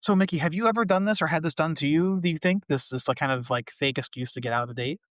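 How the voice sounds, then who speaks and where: A man co-hosting a podcast, casually recapping a sitcom episode with a relaxed, chatty delivery. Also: a little high, fast talker, no room sound, clean studio sound. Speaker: podcast co-host.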